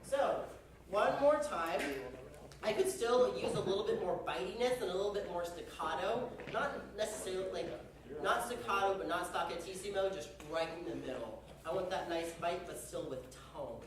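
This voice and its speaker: Crowd noise surrounds this far-off, very echoey recording of a young band conductor giving instructions in rehearsal. He's chatty and jokes with the group, using "y'all," his high-pitched voice at a moderate pace.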